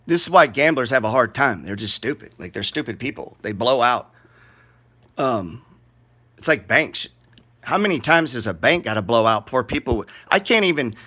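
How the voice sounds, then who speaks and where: A middle-aged man rants through casual market commentary. His voice is bright and forceful, and he wanders from point to point with blunt, profane sarcasm. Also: mid-range voice.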